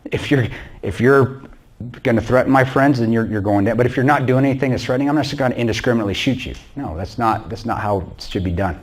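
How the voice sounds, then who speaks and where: A man's voice: mid-range voice, fast talker. A man giving a blunt, intense personal war story to a church audience. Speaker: guest speaker.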